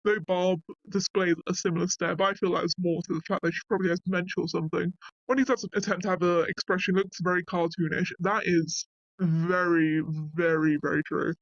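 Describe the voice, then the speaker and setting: A man with a high-pitched voice reads an online article aloud and cuts in with blunt, casual reactions, sometimes cursing. The recording sounds dull and lo-fi, with a dry sound and no room echo. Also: fairly even intonation, fairly quick, fairly bright tone. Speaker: commentator reading a wiki article aloud. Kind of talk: casual reading and commentary.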